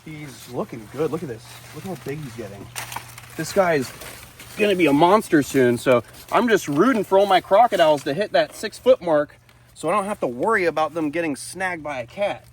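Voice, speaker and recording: Man, keeper vlogging outdoors, excitable, fairly high voice, faint background noise. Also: normal speed. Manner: excitable, shouts at the animals. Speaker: reptile keeper and host. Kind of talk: casual vlog narration. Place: outdoor animal enclosures.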